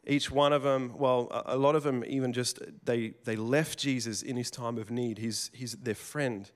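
Aussie guy preaching, chatty storyteller, mid-pitched voice. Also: steady tone, normal speed. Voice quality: plain working tradesman's speech. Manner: conversational, storytelling, self-correcting restarts. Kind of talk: sermon.

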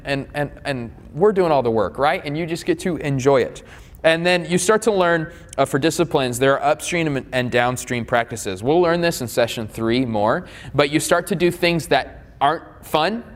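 Conversational pastor preaching in a reverberant hall. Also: male voice, on the high side. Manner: conversational, self-correcting preaching with asides. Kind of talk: sermon.

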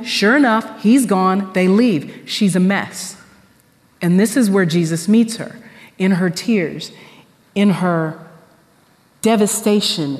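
A woman pastor preaching a sermon in an animated, conversational storytelling way with casual slang, in a church sanctuary. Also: mid-range voice, big-room sound.

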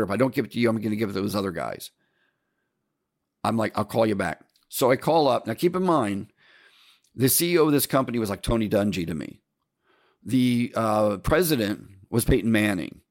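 Lively storytelling man, lowish voice. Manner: lively, animated, addresses listeners as folks, laughs often. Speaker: podcast host telling a business story. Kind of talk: casual storytelling monologue.

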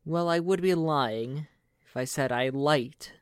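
A man's voice: on the high side, smooth, no room sound, studio quality. A man playing a refined old werewolf lord. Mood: composed. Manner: measured, formal and unhurried. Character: refined elderly male werewolf clan leader.

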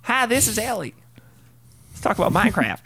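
A woman's voice: mid-range voice, very animated, brisk, creaky, fairly bright tone, slightly rough, voice pushed up, heavily acted. A man putting on the voice of his young daughter, a chirpy little girl with a southern twang.

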